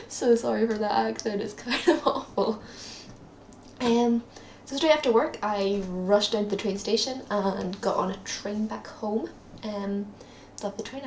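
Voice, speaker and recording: Young Scottish woman vlogging at home: gravelly, rambling, echoey room. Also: medium pitch, a little hiss or hum. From Scotland. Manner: rambling and self-deprecating, many ums. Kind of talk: casual daily video diary. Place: at her parents' home, indoors.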